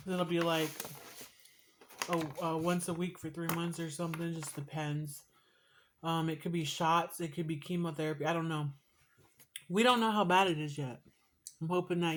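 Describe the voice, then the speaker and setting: A woman talking to her viewers in a casual home vlog, emotional and rambling, swearing casually. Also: deep voice. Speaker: vlogger. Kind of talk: casual vlog while eating.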